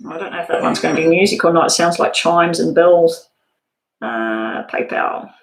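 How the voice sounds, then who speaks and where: A woman with a low, vocal-fry voice does a live-stream tarot reading at a moderate pace, chatting casually with viewers, laughing often and swearing now and then. Soft music plays behind her, and the room has a roomy echo.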